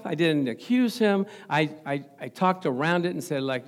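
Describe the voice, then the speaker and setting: A man's voice: on the high side, lively intonation, moderate pace. A middle-aged man preaching a sermon as pastor in a church, joking playfully with the congregation.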